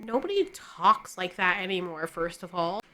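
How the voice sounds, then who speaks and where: A woman's voice: fairly low pitch, very animated, moderate pace, sharp tone, slight background noise. A young woman giving sarcastic, exasperated reaction commentary on a TV episode. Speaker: video reviewer.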